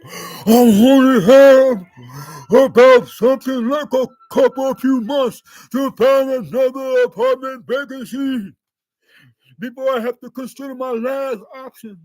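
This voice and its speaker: A man's voice: very high-pitched, fairly even intonation, unhurried, a little mellow, no echo, soft background music. A man vlogging in a rambling monologue, with theatrical mock sobbing.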